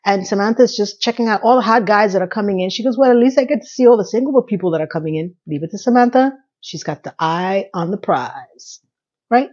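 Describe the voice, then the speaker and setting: A woman casually recapping a TV episode in a chatty, animated way. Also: medium pitch, fairly quick, dull audio. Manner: animated, acts out quotes.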